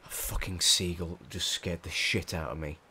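A young English man with a low voice talks through a survival game, swearing and muttering in panic. A faint hum sits behind him. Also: fairly even intonation, normal speed, pushed and bright. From England. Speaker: gamer. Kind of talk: let's play commentary. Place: small hot room at home.

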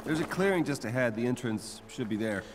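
A man voicing a calm, weary middle-aged male scientist in a video game, speaking dry and subdued. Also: medium pitch, a little fast, noisy background, lightly acted.

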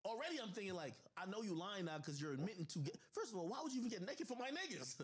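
A man on a livestream telling a personal story in an animated, profane way, addressing his viewers with lots of asides. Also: sits high, fast, breathy edge. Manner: animated and profane, with constant "I'm like" asides to the audience. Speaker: livestream host.

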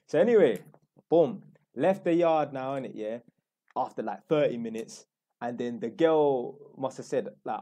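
A man's voice: medium pitch, expressive, moderate pace, dark tone. A young man with a London accent telling a rambling, slangy story in a blunt, casual way. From London, England. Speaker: YouTuber.

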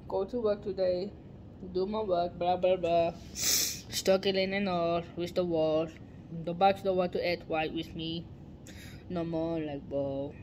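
A woman chatting casually in a daily vlog, animated and exclaiming, stretching out her words. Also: fairly low pitch, slight background noise. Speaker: vlogger.

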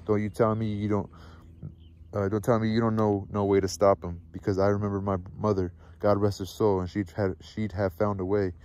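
A man's voice: fairly low pitch, flat delivery, a little fast, a little mellow, lightly acted. A man reading a novel aloud, voicing a furious, harsh middle-aged father who scolds his family. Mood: bitter.

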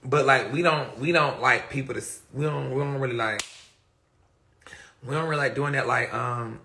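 A man's voice: mid-range voice, moderate pace, creaky, sharp tone, slight background noise. A man chatting casually on a phone livestream, answering viewer comments in a rambling, profane and emphatic way.

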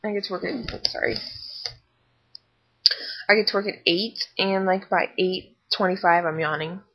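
A woman's voice: mid-range voice, steady tone, moderate pace, fairly bright tone, rough recording. A young woman in her twenties, tired and candid, chatting in a pregnancy vlog recorded on a laptop webcam. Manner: chatty and candid, lots of fillers and asides. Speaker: vlogger.

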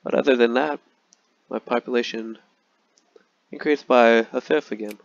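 A young man casually commenting on a strategy game he is playing, rambling and joking in a deadpan way with lots of fillers. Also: mid-range voice, moderate pace, gravelly, no room sound, muffled recording, faint music behind. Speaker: gaming YouTuber.

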